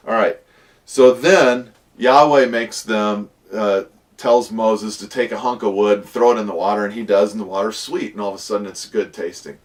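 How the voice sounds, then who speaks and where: A man with a fairly low voice teaches a casual Bible lesson. He tells the stories with lively energy and acts out voices along the way. The mic sits a little away from him. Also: far from the mic. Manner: lively storytelling, acting out voices of characters.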